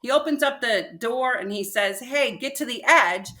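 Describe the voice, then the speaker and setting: An older woman, a podcast guest, telling a personal story in an animated way and acting out what people said. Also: on the high side, moderate pace.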